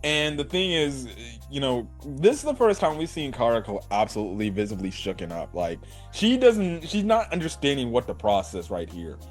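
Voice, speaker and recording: Excitable young guy reviewing anime. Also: mid-range voice, moderate pace, faint music behind. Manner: excited, rambling, says "bro" and "right?". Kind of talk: casual episode review.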